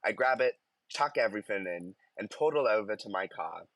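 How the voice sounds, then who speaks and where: A man's voice: on the low side, lively intonation, fairly quick, a bit bright, no room sound. A man co-hosting a podcast, reading stories aloud in casual chat and laughing mid-sentence. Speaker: podcast co-host.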